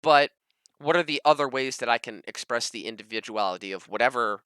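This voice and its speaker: A man co-hosting a casual panel chat as a dungeon master, talking in an animated, emphatic way with lively jumps in pitch. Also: a little fast, clear, resonant tone, no echo. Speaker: podcast co-host, dungeon master.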